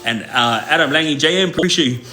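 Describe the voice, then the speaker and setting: Laid-back man with a bright voice. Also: on the high side, brisk. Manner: laid-back, many fillers and tag questions. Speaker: former prison inmate telling stories on a livestream. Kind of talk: casual storytelling to viewers.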